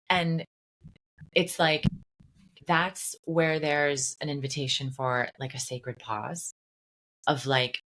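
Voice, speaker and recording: A woman guest on a podcast, speaking casually and earnestly, with a gently guiding manner and the odd swear. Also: rumbling low. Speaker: guest, dietitian and therapist. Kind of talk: conversational podcast interview.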